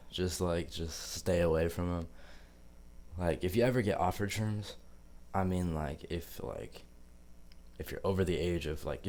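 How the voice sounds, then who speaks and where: A young man with a very low, deep voice tells a story straight to camera. He rambles loosely, swears often and leans on filler words, in a relaxed vlog manner. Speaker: vlogger.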